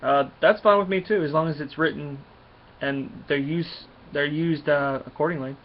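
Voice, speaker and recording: A man's voice: fairly high pitch, steady tone, normal speed. A man giving a casual, rambling comic book review, full of fillers and restarts. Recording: dull lo-fi recording.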